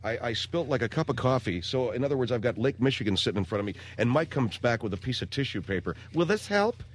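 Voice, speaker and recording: A man's voice: medium pitch, fast talker. A man hosting a radio talk show, delivering a rambling, exasperated comedic monologue on a studio mic.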